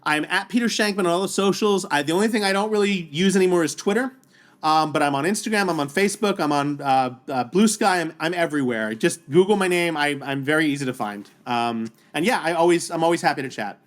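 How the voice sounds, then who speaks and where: Male podcast guest, animated storyteller, a touch high, full of restarts. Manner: animated, quick, with repeated restarts. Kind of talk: casual storytelling.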